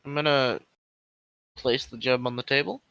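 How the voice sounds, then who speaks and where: A man playing a tabletop game, making quick, joking remarks to the game master. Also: medium pitch, fairly even intonation, vocal fry, a bit bright, clear, resonant tone. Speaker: player.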